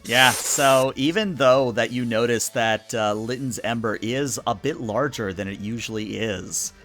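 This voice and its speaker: A man narrating a tabletop game as game master in a relaxed, rambling way with many fillers. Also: mid-range voice, measured pace, faint music behind.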